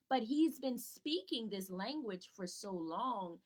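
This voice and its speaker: The audio is poor as this woman tutor and educator, her voice a little high and expressive at a measured pace, delivers a casual live talk to parents from home. She is chatty, greets people watching by name, and answers her own rhetorical questions.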